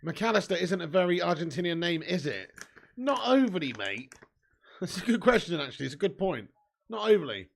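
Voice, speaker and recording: A young man hosting a live football watch-along, joking and swearing, breaking into shouts when chances come. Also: a little high, animated, a little fast, vocal fry. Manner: banter-filled, swearing, jokey, bursts into shouts at chances.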